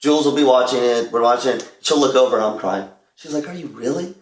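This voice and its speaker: A man's voice: medium pitch, quick pace, reverberant. A man co-hosting a radio show, talking openly and reflectively in casual chat. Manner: reflective, open about his feelings. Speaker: radio co-host.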